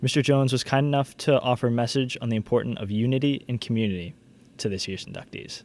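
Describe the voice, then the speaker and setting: A man's voice: mid-range voice, steady tone, fast talker, darkish tone. A man presenting a ceremony and formally introducing the next speaker in a composed, read-out manner.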